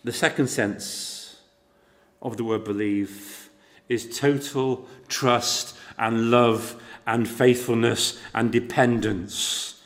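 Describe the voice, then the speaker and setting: A middle-aged man preaching a sermon, telling the story dramatically, with rhetorical questions to the congregation and shifts between loud emphasis and quiet intensity. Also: mid-range voice, steady tone, slow pace.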